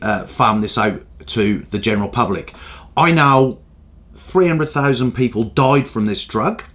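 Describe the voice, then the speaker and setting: A man hosting a show, delivering sweary, indignant comedic commentary. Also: mid-range voice. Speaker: host.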